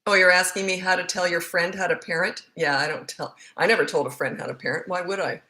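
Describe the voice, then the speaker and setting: A woman's voice: fairly low pitch, fairly even intonation, quick pace, pushed and bright. A middle-aged woman, a parenting coach, answering viewer questions in a casual, blunt and frank way, repeating words for emphasis.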